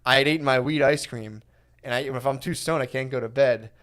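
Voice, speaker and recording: A man's voice: mid-range voice, a little fast, a bit bright. A man co-hosting a podcast, telling a rambling, profane story that trails off, with bursts of laughter. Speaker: podcast co-host. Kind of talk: casual chat.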